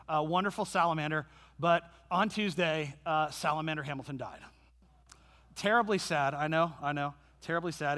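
A male pastor preaching a sermon with animated, humorous storytelling. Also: on the high side, long reverb tail.

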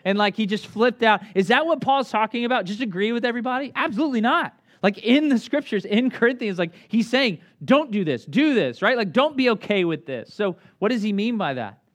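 Male pastor in his thirties, casual sermon delivery, lively pitch swings, slightly high voice. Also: brisk, hardly any pauses. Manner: conversational, animated with acted asides.

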